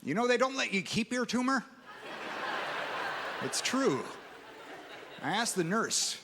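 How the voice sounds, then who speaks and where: A man doing stand-up in a slow, deadpan, stoned-sounding delivery. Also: high voice, a crowd in the background. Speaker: stand-up comic. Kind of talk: stand-up comedy. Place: comedy club stage. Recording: reverberant hall with room noise.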